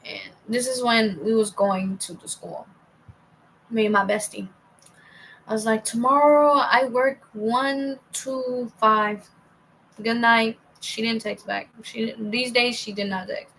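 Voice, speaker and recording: A woman's voice: mid-range voice, fairly even intonation, measured pace, gravelly, fairly bright tone, slight background noise, rough recording. A young woman casually telling a story to her viewers, acting out quoted dialogue and swearing freely. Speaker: vlogger.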